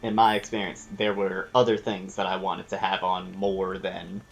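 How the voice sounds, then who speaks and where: A man's voice: low voice, flat delivery, normal speed, gravelly, highs cut off. A man hosting a gameplay video, chatting casually and explaining the game's mechanics as he thinks aloud. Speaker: let's play host.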